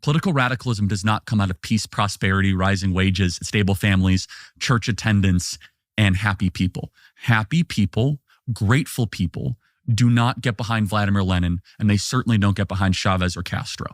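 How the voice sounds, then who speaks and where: A man commentating on politics in a podcast discussion, speaking in a measured, lecturing way and building his points as lists. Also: lowish voice, no echo, studio quality.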